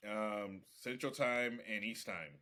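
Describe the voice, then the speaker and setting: A young man from Alabama chats on a podcast in a halting, stop-start way. His voice has a bright, sharp edge, and he often restarts his sentences. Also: fairly low pitch. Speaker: podcast co-host. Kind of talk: casual comedic chat.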